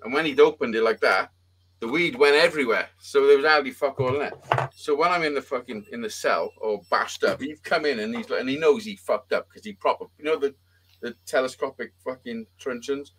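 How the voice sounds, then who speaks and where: A man's voice: mid-range voice, a little fast, a little hiss or hum. A man telling a rambling, swearing story on a casual live-stream chat as the show's host. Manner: swears a lot, animated storytelling with acted-out quotes.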